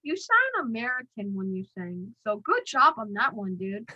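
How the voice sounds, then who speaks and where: A woman's voice: on the high side, very animated, moderate pace, pushed and bright, dull audio. A woman hosting an interview in a playful, joking manner, calling her guest dude. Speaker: interview host. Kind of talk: casual interview chat.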